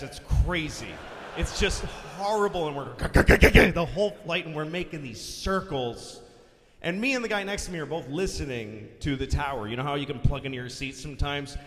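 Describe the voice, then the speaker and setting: A male stand-up comedian tells a story with exasperated sarcasm. His voice sits fairly high for a man. It rings out across a large concert hall with long reverb and a faint audience hum. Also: fairly bright tone.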